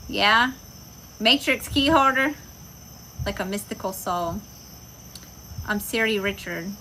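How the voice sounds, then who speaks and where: A woman's voice: medium pitch, slow, pushed and bright, slight background noise, low-quality recording. A woman giving a casual tarot reading, talking bluntly and emphatically with plenty of profanity. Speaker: tarot reader. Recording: insects and crickets chirping behind.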